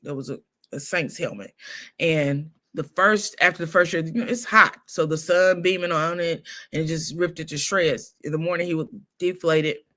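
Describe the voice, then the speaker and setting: A woman hosting a casual gossip livestream, telling stories in a lively way with laughs. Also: deep voice, normal speed. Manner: animated storytelling with laughs. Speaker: show host.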